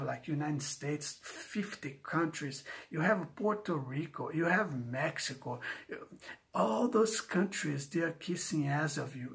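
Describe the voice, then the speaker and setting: A man delivering an angry, profane monologue, halting often and restarting his sentences. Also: fairly high pitch, gravelly, fairly bright tone. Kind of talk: ranting monologue.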